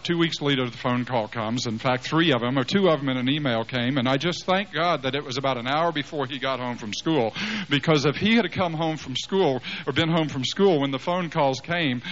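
A man preaching a sermon, telling a personal story with animated delivery and dramatic swings in loudness. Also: on the high side, normal speed. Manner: animated, acts out dialogue, big swings in loudness. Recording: slightly dull, faint background noise.

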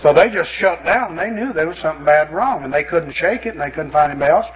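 A pastor preaching in a homespun, storytelling way, full of asides and "you know." His voice sits a little high for a man. The recording sounds muffled and lo-fi. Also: animated, fast. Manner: folksy, anecdotal, lots of "you know". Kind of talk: sermon storytelling.

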